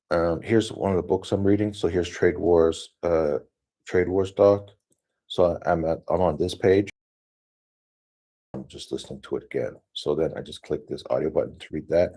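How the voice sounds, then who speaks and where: A man with a low, dark voice talks his way through a casual screen-share walkthrough. He rambles and thinks aloud, full of fillers and restarts. His tone is mellow and a little husky. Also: normal speed. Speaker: solo streamer.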